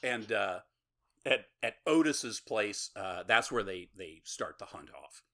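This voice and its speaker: A man hosting a podcast, casually retelling a horror movie with laughs, swearing and quick quoted lines. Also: on the low side, lively intonation, bright, forceful tone. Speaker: podcast host. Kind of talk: casual movie recap chat.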